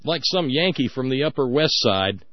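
A man's voice: mid-range voice, expressive, normal speed, no room sound, muffled recording. A man hosting a radio talk show, giving sarcastic, emphatic commentary with frequent restarts.

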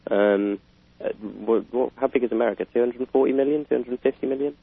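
A man's voice: mid-range voice, fast talker, creaky, breathy edge, dry recording. A British man in casual political chat, rambling with fillers and chuckling. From Britain. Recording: tinny phone-like line.

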